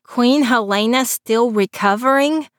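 A woman's voice: a little high, a little slow, no echo, studio quality, pitched above the performer's own voice, close to an everyday voice. A woman voicing an anxious young man who whines and speaks dryly. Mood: whiny. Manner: whiny, sarcastic.

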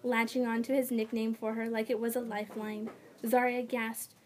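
A woman narrating a children's fantasy audiobook in an expressive storytelling manner. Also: on the high side, normal speed.

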